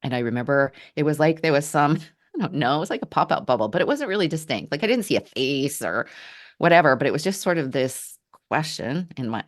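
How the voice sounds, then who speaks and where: Very low-voiced earnest woman storyteller. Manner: earnest, halting, with restarts. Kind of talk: reflective personal storytelling. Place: Portland area, Oregon.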